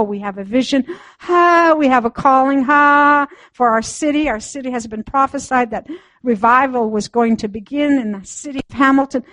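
A woman's voice: sits high, no room sound. An older woman giving an emotional church testimony, laughing often, sighing and exclaiming, sometimes near tears. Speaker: church member sharing testimony.

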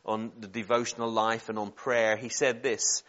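A Northern Irish man in his forties preaches in a loose, chatty way, wandering off into self-deprecating jokes before finding his point again. His accent has softened from living in England. The recording sounds a little dull and muffled. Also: on the low side, level tone, normal speed, hardly any pauses. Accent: Northern Irish, softened by years in England. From Northern Ireland. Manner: rambling and self-deprecating, joking asides. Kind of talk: informal sermon.

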